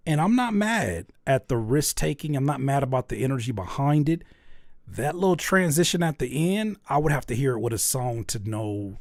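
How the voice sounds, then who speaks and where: A man hosting a live music critique show, ranting with animated, exasperated humor. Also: mid-range voice, no room sound, studio quality. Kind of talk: livestream music feedback, casual and comedic.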